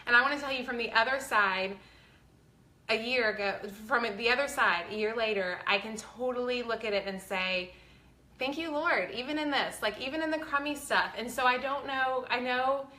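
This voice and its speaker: A woman's voice: fairly high pitch, normal speed, pushed and bright, reverberant. A woman, talking earnestly and chattily to her viewers, close to tears, with a faith-filled manner. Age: 40s. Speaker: vlogger. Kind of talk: casual heartfelt talk to viewers.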